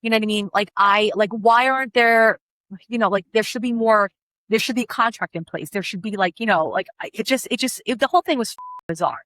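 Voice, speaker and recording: A woman wedding coordinator in casual chat, telling a story in an animated, blunt way, swearing freely and acting out what people said. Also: medium pitch, brisk, no echo.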